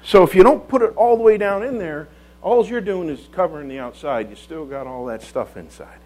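Casting: man with a high voice preaching a homey, conversational church sermon, full of restarts and tag questions. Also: animated, brisk, a little mellow, low-quality recording. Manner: folksy, repeats words, rhetorical tag questions.

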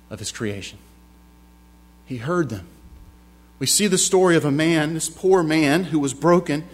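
A man preaching a sermon, slowing down for emphasis and moving between hushed passages and loud, emphatic climaxes. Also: on the high side. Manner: slows down for emphasis, with restarts.

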